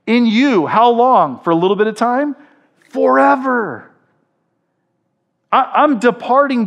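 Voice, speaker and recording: A man preaches to his congregation with a fairly high voice. He keeps the sermon animated, acting out voices in the stories he tells. He asks the listeners questions as he goes. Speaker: pastor. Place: church before a congregation.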